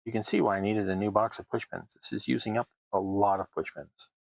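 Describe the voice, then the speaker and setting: A man with a lowish, gravelly and slightly husky voice talks casually as he works on a hobby crafting stream. He keeps up wry, self-deprecating asides, and the sound is dry and close. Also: fairly even intonation, fairly quick, no room sound, low-quality recording. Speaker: terrain crafting livestream host. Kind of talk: casual running commentary while crafting.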